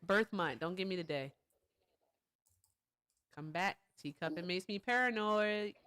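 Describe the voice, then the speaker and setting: A woman's voice: lowish voice, a little slow, a bit bright, clear, resonant tone. Teasing woman hosting a livestream. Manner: playful, teasing, laughs often. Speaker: livestream host. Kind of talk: casual livestream chat.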